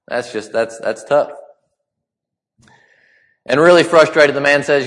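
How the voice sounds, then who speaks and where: A man delivering a sermon in a conversational, halting way with frequent restarts. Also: medium pitch, fairly bright tone. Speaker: preacher. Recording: long hall reverb.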